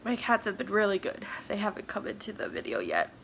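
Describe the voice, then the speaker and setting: A tearful, sniffling woman talking at home in a personal confessional vlog, halting and soft, slipping into whispers. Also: mid-range voice, huge pitch swings, gravelly, a little hiss or hum. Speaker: vlogger.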